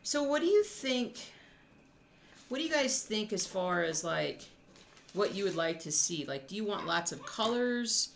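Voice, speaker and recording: A woman's voice: fairly low pitch, lively intonation, normal speed, gravelly, fairly bright tone, slight background noise. A woman who designs cross-stitch, chatting casually with her viewers from home in a rambling way, often restarting her thoughts. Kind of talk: casual live-stream chat.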